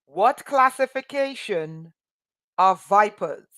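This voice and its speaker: A woman's voice: mid-range voice, expressive, slow pace, a bit bright. A woman giving an online Bible lesson, passionate and emphatic, asking many rhetorical questions. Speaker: teacher of a spiritual school.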